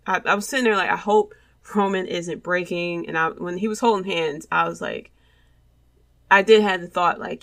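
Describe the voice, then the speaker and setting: A woman's voice: lowish voice, fairly even intonation, moderate pace, creaky, a bit bright. A woman hosting a podcast, giving a casual, rambling wrestling review and acting out quoted lines as she retells the match. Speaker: podcast host.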